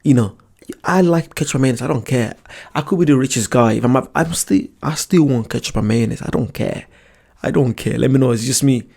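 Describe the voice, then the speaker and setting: A man hosting a reaction video, chatting casually in a relaxed, rambling way and repeating himself. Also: mid-range voice, brisk, creaky, husky.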